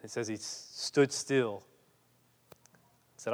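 A male preacher delivering a dramatic sermon, full of rhetorical questions and acted-out scripture quotes. His voice sits in an ordinary middle pitch and carries a long reverb, as in a large hall. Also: slow.

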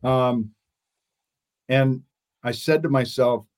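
A man's voice: medium pitch, slow pace. A man in his sixties, a guest in an interview, telling stories in a rambling way and often restarting his sentences. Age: 60s. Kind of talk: casual interview storytelling.

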